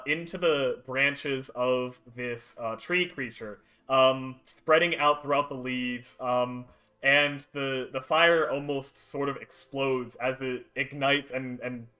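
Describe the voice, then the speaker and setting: Male dungeon master, unhurried and halting delivery, bright voice. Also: medium pitch. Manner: hesitant, many fillers while describing. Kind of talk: narrating a tabletop game.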